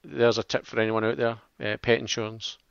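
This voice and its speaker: A man's voice: medium pitch, little pitch movement, a little fast, vocal fry, smooth, no echo. A Scottish man co-hosting a casual podcast, rambling through stories and laughing easily. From Scotland. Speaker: podcast co-host. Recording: dull lo-fi sound.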